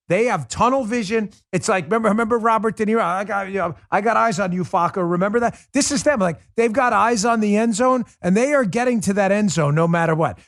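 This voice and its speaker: Male political host, combative ranting style, slightly high voice, dry close sound. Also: no echo. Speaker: political talk show host. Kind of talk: heated political commentary monologue.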